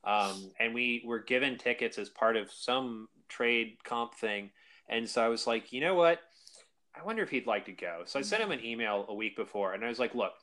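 A convention organizer from South Carolina chats enthusiastically in a casual podcast interview, filling his speech with lots of fillers. His voice is fairly low, pushed and bright.

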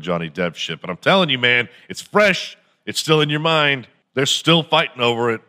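A man's voice: mid-range voice, sharp tone. A man hosting a podcast in a crude, mocking comedic rant, swearing freely and slipping into silly impressions. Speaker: podcast host.

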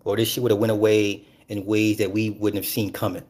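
A man ranting casually and profanely about celebrity gossip, animated and breaking into laughs. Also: on the low side, fairly quick. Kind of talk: casual rant.

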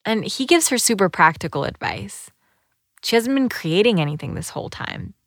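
A woman giving scripted documentary narration in a calm, measured storytelling manner. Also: medium pitch, no echo, clean studio sound.

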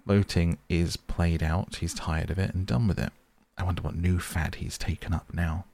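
A man voicing a good-natured male water rat who talks cheerfully and briskly in a storybook reading. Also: sits low, fairly even intonation, vocal fry, darkish tone, dry recording. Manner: cheerful, brisk, easily indignant.

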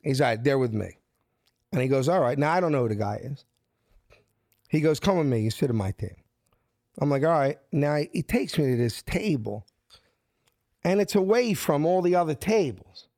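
A man's voice: a little high, normal speed, long pauses, no room sound, clean studio sound. A man, telling a story casually and acting out the dialogue in different voices. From South Philadelphia. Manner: animated, acts out quoted dialogue in voices. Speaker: guest.

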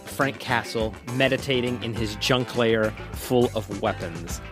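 A man co-hosting a relaxed movie podcast, joking around and dropping into silly impressions. His voice sits at a middle pitch. A music bed runs softly under his talk. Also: unhurried. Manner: playful, laughs often, drops into goofy character voices. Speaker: podcast co-host.

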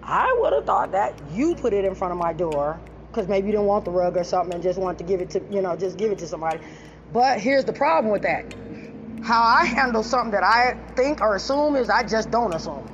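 A woman's voice: medium pitch, lively intonation, fairly quick, background noise. A woman telling a story in a casual way, blunt and profane, laughing often. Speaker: storyteller addressing an audience. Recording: dull lo-fi recording.

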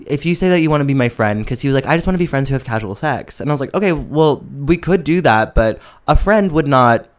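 A young man co-hosting a podcast, telling a story in a sassy, animated way and acting out quotes. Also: mid-range voice, fast. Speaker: podcast co-host. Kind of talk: casual chat, storytelling.

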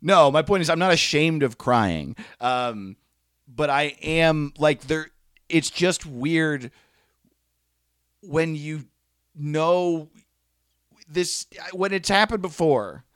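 Male solo podcaster, slightly high voice, candid and profane. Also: slow pace, long pauses, fairly bright tone, smooth, no room sound, studio quality. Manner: candid, profane, rambling, laughs at himself. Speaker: podcast host.

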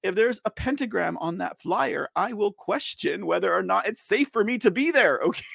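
Excitable host with a high, gravelly voice. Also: male voice, normal speed, no echo, studio quality. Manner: excitable, exasperated, laughs often; repeats himself, addresses viewers as guys. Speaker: livestream news show host. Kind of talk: ranting live commentary, reading viewer chat.

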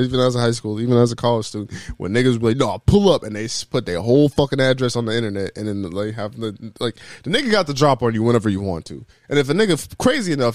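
A man's voice: medium pitch, no echo, studio quality. A young man co-hosting a podcast, telling a story in casual chat with lots of profanity and acted-out quotes. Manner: animated storytelling, heavy profanity, acts out quoted voices. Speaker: podcast co-host.

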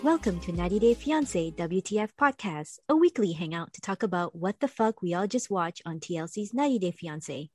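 A woman's voice: on the low side, animated, a little fast, few pauses, darkish tone, faint music behind. Chatty woman hosting a podcast. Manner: chatty, giggly, playful. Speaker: podcast host. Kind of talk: casual chat. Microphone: close studio mic.

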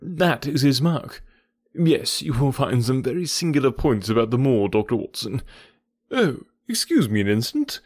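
An easygoing adult male naturalist who sounds unconcerned but stays guarded, voiced by a man narrating an audiobook. He talks in a mid-pitched, everyday voice. The recording is dry and close. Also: sing-song, normal speed, no echo. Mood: chatty. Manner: easy, unconcerned chatter. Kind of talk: audiobook character voice.

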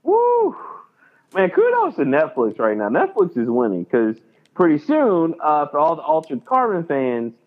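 Man, casual podcast chat, excitable, acts out reactions, phone-like tinny sound. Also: on the high side, normal speed. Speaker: podcast co-host.

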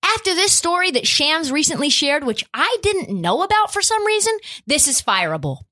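A woman with a high voice rants her way through sports commentary, and her pitch swoops up and down. She talks in an emphatic way, with a lot of swearing. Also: big pitch swings, moderate pace, pushed and bright. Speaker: sports podcast host. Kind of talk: opinionated sports commentary chat.

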